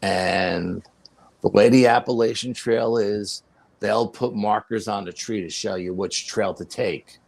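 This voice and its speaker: Gravelly low-voiced man telling a story. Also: a little slow. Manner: animated, profanity, laughs while telling. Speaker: podcast guest. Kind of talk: casual storytelling.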